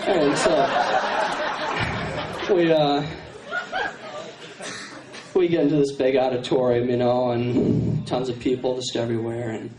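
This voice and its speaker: A young adult man doing a stand-up routine in a halting, rambling way, full of fillers, on a university stage. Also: mid-range voice, fairly even intonation. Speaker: stand-up comedian. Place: university contest stage, live audience. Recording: echoey hall, distant camera, crowd, noise.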